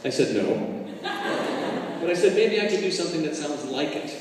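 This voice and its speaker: A man recounting a comic story to a live audience, animated and acting out the voices and drum parts he describes. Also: on the high side, moderate pace, slight background noise. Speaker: drummer telling a story. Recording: roomy hall from far off, music behind.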